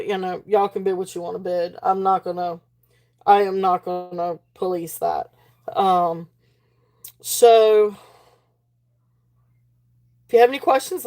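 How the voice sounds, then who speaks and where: Reading viewer comments aloud, this livestream auction host rambles chattily through a jewelry sale, stumbling into fillers and restarting her sentences. Her voice sits in the middle range and has a somewhat mellow quality.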